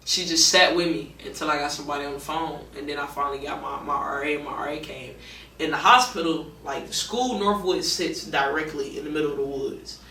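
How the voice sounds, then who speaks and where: A woman's voice: low voice, a little fast, bright, forceful tone, slight background noise. A young woman in a documentary interview, casually recounting a personal story with lots of fillers and restarts. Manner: casual, rambling, many fillers. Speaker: documentary subject. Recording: roomy, distant mic, music underneath.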